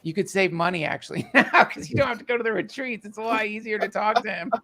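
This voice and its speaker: Man, higher voice with gravel, tells a story haltingly with feeling. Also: a crowd in the background. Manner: emotional, halting, many fillers and restarts. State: tearful. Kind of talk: casual storytelling.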